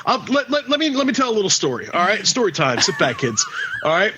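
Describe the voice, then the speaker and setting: A man's voice: high-pitched, sing-song, fast talker, bright, forceful tone. A man co-hosting a podcast in casual chat, rambling and swearing, with many restarts. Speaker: podcast co-host.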